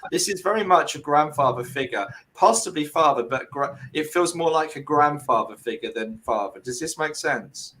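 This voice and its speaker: A man working as a medium on a video call, talking in halting, self-correcting bursts and often checking whether his words make sense. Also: fairly high pitch, lively intonation, bright, forceful tone, low-quality recording. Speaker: medium giving a reading. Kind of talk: spiritual reading on a group video call.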